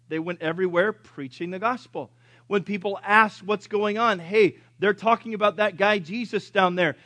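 High-voiced man preaching with animated delivery. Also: no room sound. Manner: animated preaching with acted-out voices for biblical characters; punchy, swings between loud and soft. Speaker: pastor. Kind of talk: sermon.

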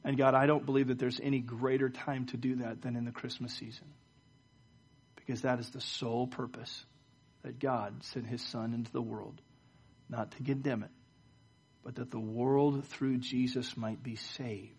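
At church, a middle-aged pastor moves through a sermon and a prayer in a storytelling style, frequently repeating words with a stammer. His medium-pitched voice is husky and a little mellow, delivered flatly at a normal speed.

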